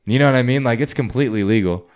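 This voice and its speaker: A man's voice: medium pitch, very fast, a little mellow. A man chatting casually with friends, rambling and swearing freely as he tells stories. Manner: profane, rambling storyteller. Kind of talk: casual chat.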